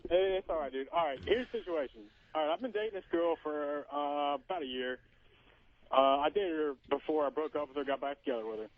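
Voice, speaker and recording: A man's voice: a little high, brisk. A male caller to a radio talk show, rambling casually with many fillers. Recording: tinny dry phone line.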